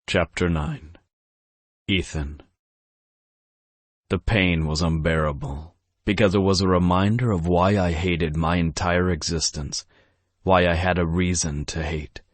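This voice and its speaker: Deep-voiced man narrating a dark romance. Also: steady tone, unhurried, no echo. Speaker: audiobook narrator. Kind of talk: first-person romance audiobook narration.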